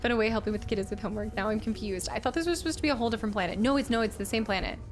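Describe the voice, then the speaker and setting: A woman streaming a video game and chatting casually, excitable and thinking aloud as she plays. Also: fairly high pitch, rapid-fire, faint music behind. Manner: excitable, thinks aloud, frequent gasps and laughs. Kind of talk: casual gameplay commentary.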